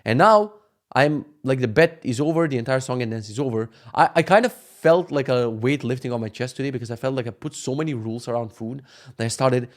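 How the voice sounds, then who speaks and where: A man in his thirties telling a casual story to camera for his vlog, animated and profane, acting out quotes along the way. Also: mid-range voice, fairly quick. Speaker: vlogger.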